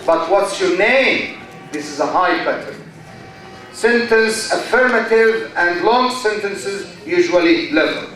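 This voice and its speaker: A man with an Egyptian accent giving a university lecture, slow and deliberate, often quizzing his students with questions. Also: sits high, animated, a bit bright, slight background noise. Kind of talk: classroom lecture. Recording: very echoey classroom, mic far from speaker.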